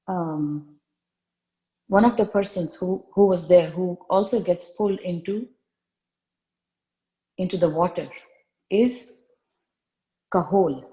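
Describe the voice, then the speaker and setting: A woman's voice: lowish voice, mellow, echoey room, lo-fi sound. A woman retelling a spiritual story in a conversational way, often repeating phrases for emphasis.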